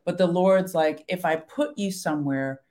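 A woman's voice: on the low side, moderate pace, a little mellow. Earnest woman talking faith. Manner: earnest, encouraging, thinks aloud. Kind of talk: casual faith conversation.

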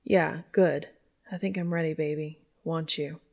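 A woman voicing an eager adult man in a story reading, her voice low and murmured. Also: steady tone, unhurried, gravelly, a little mellow, exaggerated voice. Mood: breathy, pleading.

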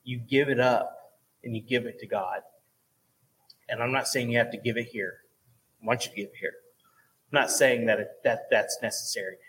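A man's voice: medium pitch, fairly even intonation, moderate pace, long pauses, a bit bright, low-quality recording. A man pastoring a church service, talking casually and earnestly about giving, with frequent "okay" and "all right" check-ins. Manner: casual, earnest, chatty with fillers. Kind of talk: church offering talk.

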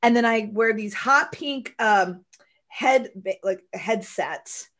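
Animated chatty woman, high-pitched. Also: slow pace. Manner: animated storyteller, acts out quotes loudly. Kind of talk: casual chat.

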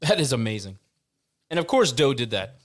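A man's voice: medium pitch, very animated, moderate pace. A man hosting a casual sports talk show, talking with enthusiasm and rambling from one player to the next. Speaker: podcast host.

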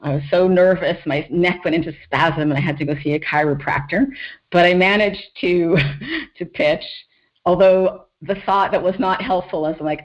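Animated middle-aged woman telling her story. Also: on the low side, moderate pace, highs cut off. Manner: animated, laughs often, acts out quotes. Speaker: guest, screenwriter and author. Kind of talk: storytelling in a podcast interview.

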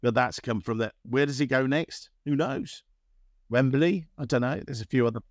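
A man's voice: medium pitch, normal speed, vocal fry, no room sound. A man, a company boss talking as a podcast guest in a chatty, rambling way with dry humor. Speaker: podcast guest, recruitment CEO. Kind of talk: casual interview talk.

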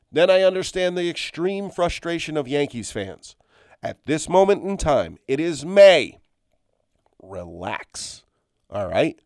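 A middle-aged man hosts his own podcast in an exasperated, emphatic rant, often repeating himself and swearing offhandedly. His voice sits at an ordinary pitch. The recording is dry, with no room echo. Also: darkish tone. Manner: swears casually. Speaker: podcast host. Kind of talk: solo sports rant.

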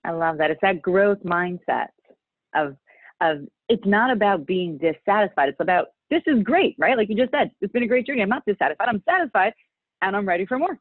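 A woman's voice: medium pitch, expressive, fairly quick, no room sound. Bubbly woman host on a tinny line. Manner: bubbly, enthusiastic. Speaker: podcast host. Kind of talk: interview host chat. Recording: dry, tinny phone-like line.

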